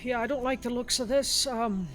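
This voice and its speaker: A man's voice: very high voice, normal speed, a bit bright, slight background noise. A man playing a tabletop game in casual talk, asking hesitant questions with fillers. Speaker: player.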